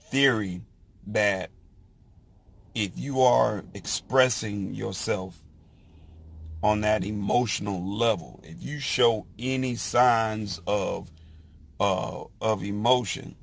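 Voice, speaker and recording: A man in a casual monologue, talking haltingly with lots of fillers and restarts. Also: on the low side, creaky. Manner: slow, halting, with many "you know" fillers and restarts. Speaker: speaker sharing opinions.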